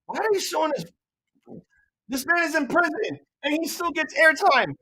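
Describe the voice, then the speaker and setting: A young adult with a New York accent co-hosting a casual live reaction stream, ranting loudly and joking with plenty of profanity. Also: sits high, very animated, moderate pace, rough recording. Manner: loud, profane, joking rants.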